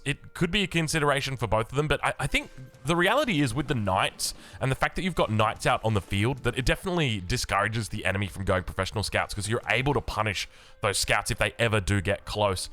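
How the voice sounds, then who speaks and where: An Australian man commentates a strategy game with upbeat, chatty energy. His voice is bright and forceful, with a slight early-morning roughness. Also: on the low side, animated, fast talker. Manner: upbeat, chatty, with casual fillers. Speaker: game caster. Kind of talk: esports play-by-play commentary.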